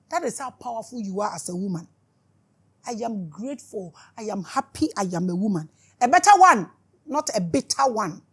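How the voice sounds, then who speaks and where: A woman's voice: fairly high pitch, slightly rough. A woman with a Ghanaian accent giving an impassioned spiritual talk, fiery and scolding as she switches between Twi and English. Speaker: spiritual teacher.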